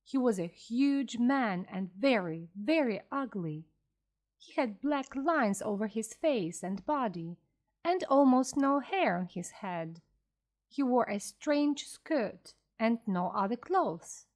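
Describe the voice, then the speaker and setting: A woman reading a classic story aloud slowly and clearly for English learners. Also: fairly high pitch. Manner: slow, clear, expressive reading. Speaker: audiobook reader for learners.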